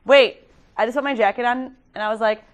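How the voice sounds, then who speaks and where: A woman's voice: on the high side, fairly even intonation, a little fast. A young woman directing and hosting an improvised home-video skit, giggly and bossy. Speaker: skit host.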